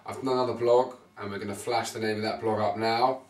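A man's voice: on the low side, steady tone, quick pace. A man giving blunt, swearing skin care advice to camera, often checking in with "right?" and "okay?". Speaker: men's fashion vlogger. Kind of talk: casual direct-to-camera advice. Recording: echoey room, mic at a distance.

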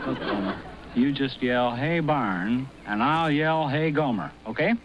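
A man's voice: medium pitch, a little slow, lo-fi sound, lightly acted. An actor playing a patient, bossy small-town man giving instructions, from a noisy old TV clip.

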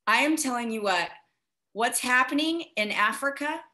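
An American businesswoman giving an emphatic motivational sales pitch over a video call, urging listeners and acting out their doubts. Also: expressive, moderate pace, sharp tone. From United States. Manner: emphatic, urging, with acted-out asides. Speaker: guest speaker.

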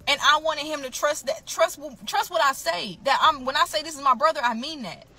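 A woman's voice: high voice, fairly quick, bright, forceful tone. A woman telling her own story to camera, blunt and emphatic, often calling out to her viewers.

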